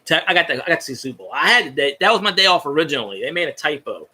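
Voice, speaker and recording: Lively high-voiced man ranting about sports. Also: very fast, slightly rough. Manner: animated, profane, stumbling restarts. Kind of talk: casual ranting sports chat.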